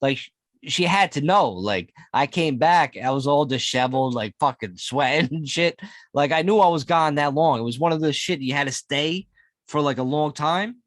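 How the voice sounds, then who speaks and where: A man's voice: fairly high pitch, normal speed, dry recording. A man hosting a podcast, laid-back and profane as he rambles through a story. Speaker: podcast host. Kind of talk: casual podcast banter.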